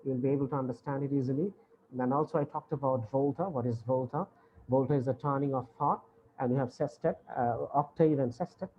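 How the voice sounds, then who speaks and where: A man's voice: mid-range voice, fairly even intonation, brisk, highs cut off, slight background noise. Man lecturing over a video call. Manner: explains patiently, repeating points with frequent "uh". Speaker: university English lecturer. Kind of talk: online lecture.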